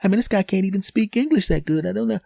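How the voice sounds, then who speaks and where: A furious young woman, played by a man, pitched high and sharp. She is offended and certain of herself, and she snaps her words out fast. The sound is dry and close. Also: vocal fry, dry recording, exaggerated voice. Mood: indignant. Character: furious beautiful young woman accusing a stranger.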